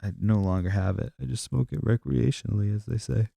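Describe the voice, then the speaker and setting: Gravelly deep-voiced man rambling casually. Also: brisk, warm tone, no echo, clean studio sound. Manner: profane, meandering storytelling with many fillers. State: stuffy nose. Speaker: podcast host.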